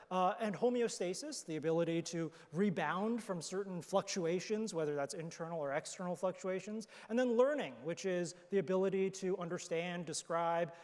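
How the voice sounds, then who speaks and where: A man's voice: high-pitched, darkish tone. A man, an astrobiologist on a conference panel, explaining his ideas thoughtfully with fillers and restarts. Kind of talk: panel discussion answers. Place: conference hall. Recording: hall reverb from a conference stage.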